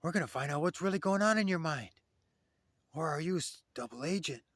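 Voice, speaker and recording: A man voicing a gruff, confrontational male elder medicine man who fires suspicious questions in a stammer. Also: on the high side, expressive, fairly quick, fairly bright tone, dry recording, studio quality, pitched above the performer's own voice. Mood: challenging.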